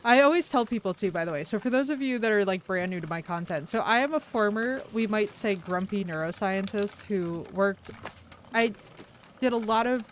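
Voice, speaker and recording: A woman streamer chatting casually with her viewers, effusive, unfiltered and animated. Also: medium pitch, normal speed, slight background noise.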